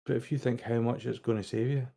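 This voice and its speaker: Gravelly, mellow British co-host, deadpan jokester in casual chat. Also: male voice, medium pitch, fast talker. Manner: joking, dry quips. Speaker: co-streamer.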